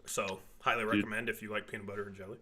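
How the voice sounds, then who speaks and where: A man's voice: fairly low pitch, level tone, rapid-fire, pushed and bright. A man from Washington state hosting a casual postgame basketball chat on a live stream, talking in a chatty, joking way. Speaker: podcast host.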